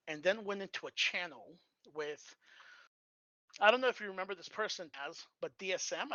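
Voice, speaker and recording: A bright-toned storyteller on a live stream, trading in casual anecdotes with lots of halting restarts. The voice sits dry and close, but the audio is dull and lo-fi. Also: mid-range voice, dry recording. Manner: halting, many fillers and restarts.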